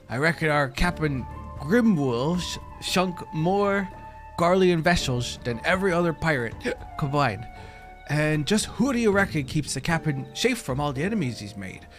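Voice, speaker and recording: A man voicing a boastful, drunken male pirate bodyguard with a gruff, slurred brogue, over faint game music. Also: fairly high pitch.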